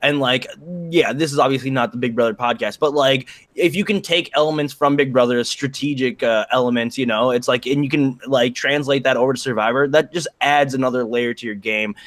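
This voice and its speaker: A man's voice: mid-range voice, fairly even intonation, a little fast, hardly any pauses, a bit bright, dry recording. A man chatting casually, rambling with enthusiasm and a lot of fillers. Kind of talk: casual chat.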